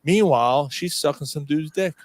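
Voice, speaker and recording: A man's voice: fairly high pitch, normal speed, dry recording. A man hosting a podcast, telling a rowdy story in casual chat, swearing constantly and laughing as he goes. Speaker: podcast host.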